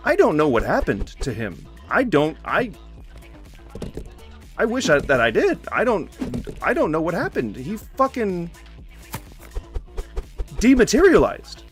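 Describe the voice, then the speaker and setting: A man narrating his own gameplay in a loose, talkative way, dropping to quiet mumbles and then shooting up into startled shouts. His pitch swings widely, and a faint music bed plays under his voice. He complains with mock-formal sarcasm. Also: huge pitch swings, normal speed. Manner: mutters to himself, bursts into sudden loud yells. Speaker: gaming streamer. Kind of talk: casual gameplay commentary.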